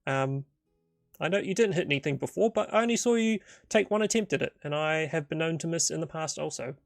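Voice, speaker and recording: A man voicing a nervous, polite young male adventurer in a solo tabletop game, hesitant and stammering in a raised, gravelly voice. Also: fairly high pitch, lively intonation, brisk, dry recording, clean studio sound, soft background music.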